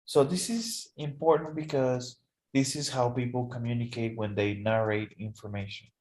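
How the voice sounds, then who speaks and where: A man tutoring English in a one-to-one lesson, explaining slowly and often checking in with "okay". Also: mid-range voice, fairly even intonation, a little mellow, low-quality recording.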